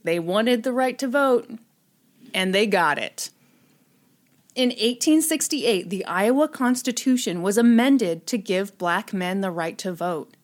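A woman's voice: medium pitch, lively intonation, unhurried. A woman hosting a chat show, telling a history story in a casual, irreverent way with frequent swearing and laughter.

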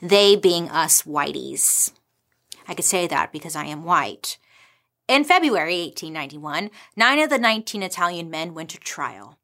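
Bright, chatty young woman telling history. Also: fairly low pitch, sing-song, moderate pace. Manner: chatty, sarcastic asides. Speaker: history storyteller host. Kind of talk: casual history storytelling.

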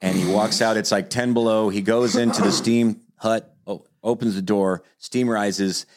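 A man's voice: fairly low pitch, moderate pace, noisy background. A man hosting a podcast, telling a story in casual chat and acting out the quotes with energy. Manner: animated storyteller who acts out quotes. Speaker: podcast host.

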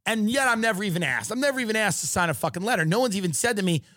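A man's voice: sits high, lively intonation, very fast, pushed and bright, dry recording. Brief: man, sarcastic swearing comedian, riffing, dry close recording. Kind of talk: comedic rant.

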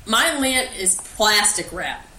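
A woman chatting casually as a podcast guest, lively and expressive. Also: medium pitch, takes it slowly. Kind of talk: casual chat. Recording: roomy echo, faint noise.

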